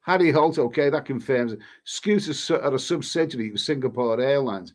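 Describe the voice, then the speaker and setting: A man's voice: mid-range voice, a little fast, a little mellow. Cheeky man reading live chat. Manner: jokey, cheeky banter with frequent restarts. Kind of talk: casual live-stream chat.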